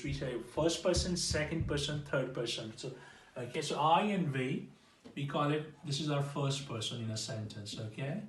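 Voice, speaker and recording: A man teaching an informal English grammar lesson, explaining slowly and repeating himself, checking in with "okay?" after nearly every phrase. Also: a little high, far from the mic. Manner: slow, repetitive explaining with restarts. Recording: echoey room, voice off-mic.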